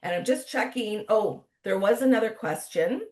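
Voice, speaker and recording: A woman's voice: mid-range voice, expressive, moderate pace, a little mellow. A woman with a Canadian accent moderating an online cooking class in a chatty, upbeat way, laughing often. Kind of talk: casual livestream chat.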